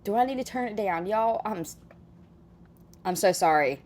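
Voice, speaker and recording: A woman's voice: medium pitch, expressive, moderate pace, a little mellow. A woman chatting casually as she reacts to a video clip, exclaiming and laughing between remarks.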